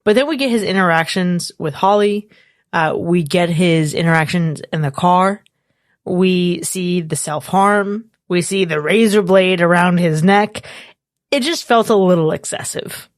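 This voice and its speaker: Animated woman podcaster, very dry sound. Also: fairly low pitch, a little slow, no echo. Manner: animated, swears freely, exaggerated disgust. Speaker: podcast co-host. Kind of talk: casual movie review chat.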